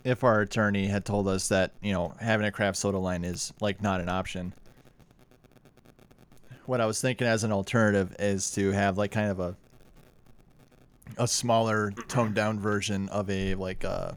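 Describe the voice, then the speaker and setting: A man with a Minnesotan accent co-hosting a casual chat, relaxed and thoughtful, with many fillers. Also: on the low side, moderate pace, clean tone. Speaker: co-host. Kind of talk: casual chat tasting sodas.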